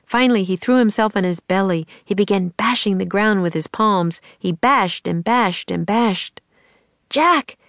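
A woman narrating a children's storybook aloud in a steady, expressive way. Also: mid-range voice, normal speed, hardly any pauses, dry recording.

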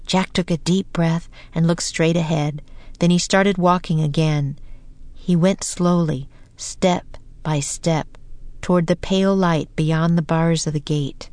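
A woman narrating a children's storybook in a calm, measured way, slowing for suspense. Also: deep voice, dry recording. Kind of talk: storybook reading.

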